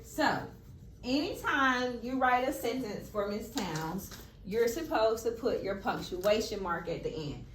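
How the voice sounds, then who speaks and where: A woman teacher with a fairly high voice leads a one-on-one classroom lesson. She asks patient questions and leans into words with playful emphasis. The sound is echoey, with a faint hum of the room behind her. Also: animated, unhurried.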